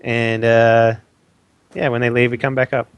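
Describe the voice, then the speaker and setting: A young man playing a tabletop game, goofy and excitable. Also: medium pitch, measured pace, clear, resonant tone. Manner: goofy, excitable, laughing often. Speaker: player.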